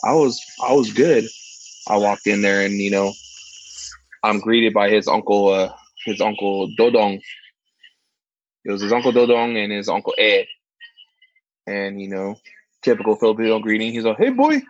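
A man co-hosting a casual chat, telling stories with lively, much higher put-on voices for the people he quotes. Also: moderate pace, long pauses, dry recording, muffled recording. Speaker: podcast co-host, church ministry worker.

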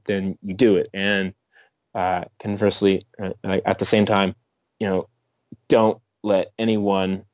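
Chill guy musician talking loose with lots of ums and likes, lowish voice, dry sound. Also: darkish tone, no echo. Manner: laid-back, filler-heavy talk. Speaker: musician guest. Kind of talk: casual interview answer.

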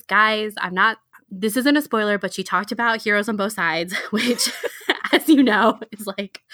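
A young woman co-hosting a podcast in casual chat, bubbly and excitable, laughing often. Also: medium pitch, no echo, studio quality. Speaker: podcast co-host.

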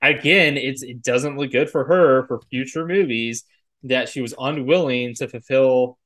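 A man's voice: mid-range voice, measured pace, a bit bright. A man co-hosting a casual podcast about film and TV, talking in a rambling way full of fillers and the occasional swear. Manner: rambling, filler-heavy, frequent "like" and "you know". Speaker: podcast co-host.

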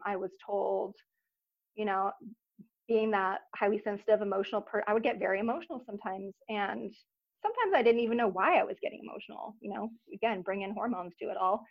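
A woman in her thirties telling her personal story as a guest in an interview, earnest and reflective, pausing often. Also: mid-range voice, gravelly. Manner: earnest, reflective, soft-spoken with frequent pauses. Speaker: podcast guest. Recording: slightly dull recording.

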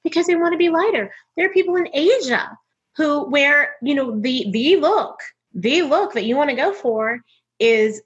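A woman's voice: fairly high pitch, husky, muffled recording. A middle-aged woman from North Texas, a comedian and voice actor, talking candidly in an interview and acting out other people's lines as she tells her stories. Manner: animated storyteller who acts out other people's lines.

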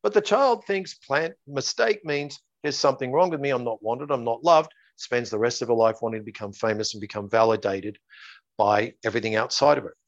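A male therapist lays out his approach in a steady, methodical run of repeated phrases. The audio is dull and lo-fi, with a dry, close sound. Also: medium pitch, brisk, no echo. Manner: repetitive, methodical, acts out client dialogues. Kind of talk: explaining his method in an interview.

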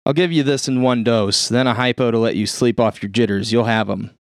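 Guy reading as a cheerful no-nonsense surgeon, smooth voice, dry close sound. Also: mid-range voice, fairly even intonation, fairly quick, no echo, lightly acted. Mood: explaining. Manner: cheerful, matter-of-fact bedside talk. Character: brisk middle-aged male hospital surgeon.

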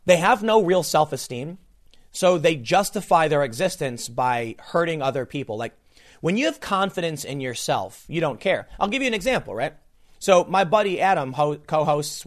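A man's voice: animated, fairly quick. Incredulous, emphatic male political commentator. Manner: incredulous and emphatic, with frequent restarts and sharp swings in pitch. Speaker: podcast host and commentator.

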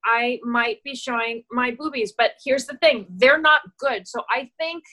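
A middle-aged actress telling stories in a casual interview, animated and laughing, acting out the voices she quotes. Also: fairly high pitch, measured pace, low-quality recording. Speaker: actress and guest.

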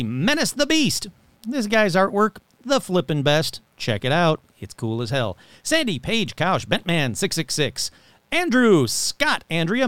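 Lively, animated male podcast host. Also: high voice, no room sound. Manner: rambling and self-mocking, reading a long list of names. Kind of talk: casual podcast monologue. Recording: very dry close-mic sound.

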